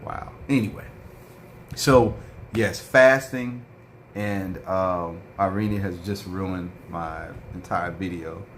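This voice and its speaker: Deep-ish guy vlogging, loose chatty storytelling, lots of ums. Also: takes it slowly, a bit bright, slight background noise. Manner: rambling storytelling with many fillers. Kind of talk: casual livestream chat reading viewer comments.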